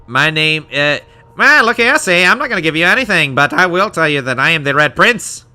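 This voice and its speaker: A man's voice: fairly high pitch, animated, fairly quick, bright, forceful tone, voice pushed up. A man voicing a haughty, pompous male lizard prince in a game playthrough.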